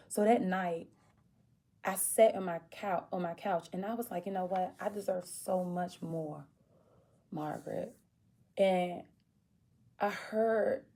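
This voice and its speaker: A woman vlogger tells a personal story in a casual way, acting out the people she quotes. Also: creaky. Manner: animated, acts out quoted voices with big pitch jumps.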